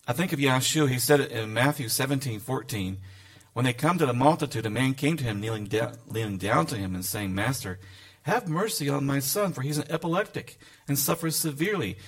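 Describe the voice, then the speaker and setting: Gravelly-voiced man teaching scripture. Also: medium pitch, fairly bright tone. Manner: conversational, reads scripture aloud with asides. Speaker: Bible teacher. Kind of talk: sermon.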